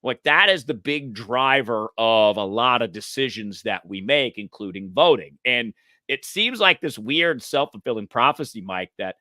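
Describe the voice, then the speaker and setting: A man from the United States co-hosting a news talk show, animated and chatty and quick to laugh. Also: mid-range voice, no room sound, clean studio sound. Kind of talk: casual political chat.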